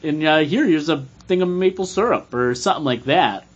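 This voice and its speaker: A man with a somewhat raised voice thinks aloud, pitching plot ideas in a casual brainstorming chat full of 'like's. The sound is dull and lo-fi. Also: expressive, fairly quick. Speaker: writer brainstorming a sketch. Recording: dull lo-fi recording.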